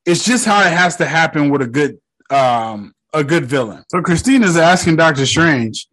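A young man casually recapping a movie, swearing freely and retelling the scenes with excitement. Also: fairly high pitch, normal speed. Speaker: movie reviewer.

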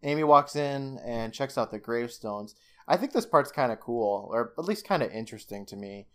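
A man's voice: medium pitch, expressive, moderate pace, fairly bright tone. Man, podcast co-host, casual recap, frequent swearing, laughing. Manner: swears freely, laughs often, acts out quotes.

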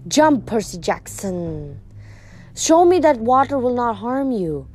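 A woman voicing a cruel monstrous snake-woman mother, speaking slowly with a hissing, rasping edge. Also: fairly high pitch, sing-song, darkish tone, full character voice. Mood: taunting. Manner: slow, drawn-out taunting.

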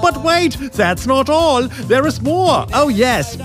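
An actor playing a naive, cheerful man with oddly mangled English, pitching in a mock infomercial. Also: big pitch swings, slow, exaggerated voice. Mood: pitchman. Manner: quirky broken phrasing, sing-song pitch man. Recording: music bed behind.

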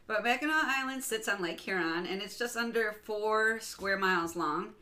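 A bright-voiced woman hosting a casual chat podcast. She rambles through her stories and laughs easily, with a loose, unscripted flow. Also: medium pitch. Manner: giggly, rambling, quick to laugh. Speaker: podcast co-host.

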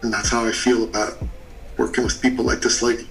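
A man on a podcast telling a personal story in short, punchy phrases, animated at times and hushed in the emotional parts. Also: medium pitch, a little fast, gravelly, far from the mic, soft background music, low-quality recording. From Canada. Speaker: business coach and podcast guest.

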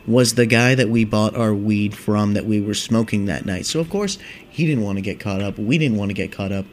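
A man in his twenties tells a long, casual story in a lowish voice. He rambles and swears freely, filling his talk with "like" and "dude". A faint hum sits under his voice. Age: 20s. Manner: rambling, profane, filler-heavy with constant "like" and "dude". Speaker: vlogger.

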